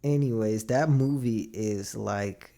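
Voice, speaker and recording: A young man co-hosts a podcast, chatting casually in a low, slow, warm voice. He's laid-back and draws out his words, acting out quotes as he tells a story.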